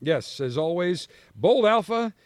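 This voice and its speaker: A man's voice: high voice, big pitch swings, a little mellow, no room sound. Blunt teasing male podcast host. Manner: blunt, teasing, drawn-out mock-military style. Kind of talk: casual banter.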